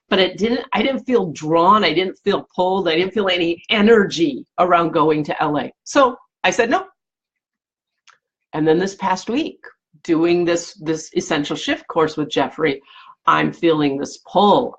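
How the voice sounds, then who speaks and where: A woman's voice: medium pitch, a bit bright, husky. A woman talking earnestly to listeners, reflecting on a personal choice and often restarting and repeating her words. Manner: earnest and searching, with frequent self-corrections and repetitions. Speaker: life coach and podcast host.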